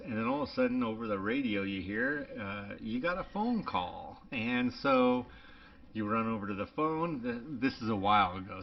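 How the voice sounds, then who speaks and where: A man in his forties co-hosting a casual podcast, telling a story with lively acted-out dialogue. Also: fairly low pitch. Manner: animated storyteller, acts out dialogue. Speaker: podcast co-host. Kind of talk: casual chat. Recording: dull lo-fi podcast audio.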